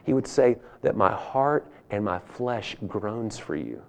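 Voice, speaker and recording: A male pastor preaching a sermon with emphatic, swinging delivery, from loud urging to hushed asides. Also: on the low side, lively intonation, takes it slowly, gravelly.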